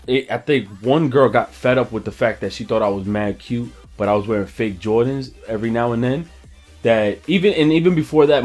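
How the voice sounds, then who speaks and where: A young man telling a personal story in a casual, animated, profane and slangy way. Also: medium pitch. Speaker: vlogger.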